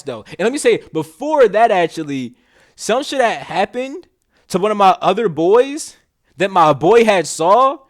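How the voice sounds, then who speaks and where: A young man hosting a podcast, telling a story in a slangy, rambling, casual way with many restarts and curses. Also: high-pitched. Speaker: podcast host.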